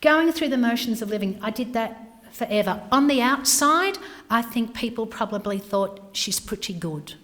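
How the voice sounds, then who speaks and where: A woman's voice: fairly high pitch, animated, moderate pace, fairly bright tone. Candid woman speaking in a hall. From Australia. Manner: candid, emphatic, drops to a whisper for weight. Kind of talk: personal talk on grief. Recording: hall with long reverb.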